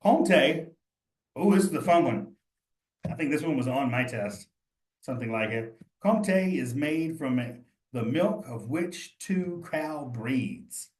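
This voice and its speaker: A man's voice: mid-range voice, animated, measured pace, darkish tone. Man, casual teacher, talks to students directly, thinks aloud, echoey room. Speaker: cheese instructor. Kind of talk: live online study session. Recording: roomy echo.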